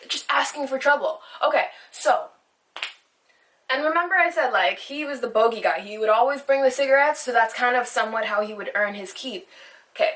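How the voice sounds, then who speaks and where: Young woman vlogger, high and bright, swearing her way through a fired-up storytime, sitting a little off from the mic. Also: far from the mic. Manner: rambling, heated, swears constantly. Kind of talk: storytime vlog. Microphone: phone camera.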